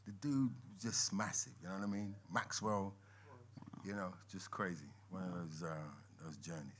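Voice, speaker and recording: A man as a guest on a live podcast, telling lively stories and laughing often. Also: deep voice, normal speed. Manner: animated storyteller, laughs often, lively swings in loudness. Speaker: guest musician and actor. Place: members' club room with a live audience.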